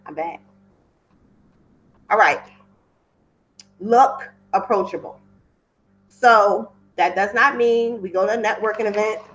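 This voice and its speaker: A woman's voice: medium pitch, takes it slowly, pauses often, a bit bright, faint music behind, poor audio. A woman hosting a webinar for wedding pros, chatty and off script, repeating words for emphasis over a computer mic. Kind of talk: casual talk from a webinar.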